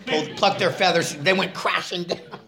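A man preaching a casual, conversational sermon, asking the congregation questions and moving between loud emphasis and quiet asides. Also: high-pitched, fairly even intonation, moderate pace, vocal fry.

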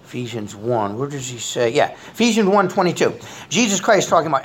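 Lively middle-aged man preaching. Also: medium pitch, a little fast. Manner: conversational, lively, reads scripture with rising emphasis. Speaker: pastor. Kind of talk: Bible study sermon.

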